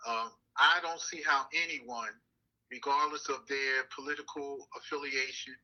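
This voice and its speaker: Older man with bright, lo-fi voice. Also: medium pitch, fairly even intonation. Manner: measured, deliberate, frequent "uh" fillers. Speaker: city councilman and NAACP president. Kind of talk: interview conversation.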